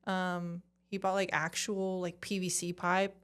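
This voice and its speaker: A woman's voice: fairly low pitch, unhurried, clean tone. A young woman from Arizona, a podcast guest, telling a story casually and acting out what people said. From Arizona, USA. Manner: animated, acts out quoted dialogue, frequent "like".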